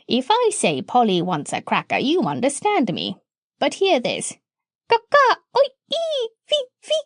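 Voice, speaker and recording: A woman voices a proud, clever female parrot who lectures her owner and squawks bird calls. Her exaggerated voice is high-pitched, pitched above her natural voice, with huge pitch swings and a slightly slow pace, recorded studio-clean with no room sound.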